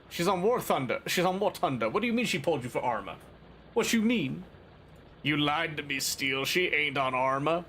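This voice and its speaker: A man streams a game and chats casually with his viewers, rambling, talking to chat, and being playful, teasing and mock-dramatic. His voice is on the high side and a bit bright, with slight background noise.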